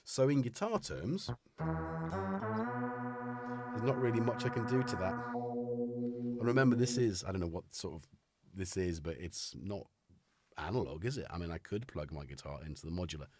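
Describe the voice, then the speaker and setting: A man rambles through a relaxed live stream from a studio packed with equipment, his fairly low voice swinging up and down with real liveliness. He chuckles and mutters to himself as he goes. Faint music plays beneath his talk. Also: moderate pace, pauses often. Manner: rambling, chuckling, talking to himself while searching for things. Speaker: livestream host. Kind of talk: casual live-stream chat while playing gear. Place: home studio full of gear. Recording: music playing behind the voice.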